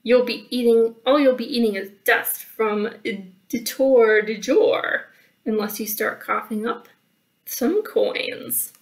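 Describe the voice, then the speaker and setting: A woman's voice: on the high side, slow, rough recording. Grumpy little troll, read by a woman. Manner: gruff, snorting, dismissive.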